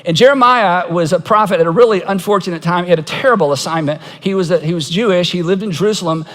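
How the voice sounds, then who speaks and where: A man's voice: sits high, fast, a bit bright, in a large hall. A man preaching a sermon as pastor, telling stories in a conversational way and acting out quoted voices with humor.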